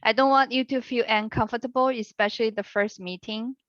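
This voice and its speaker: A woman teaching an online language class over a video call, with a patient, encouraging manner and unhurried explanations. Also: a little high, steady tone, a bit bright. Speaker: online Chinese language instructor. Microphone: computer mic on a video call. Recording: lo-fi video-call audio, dry.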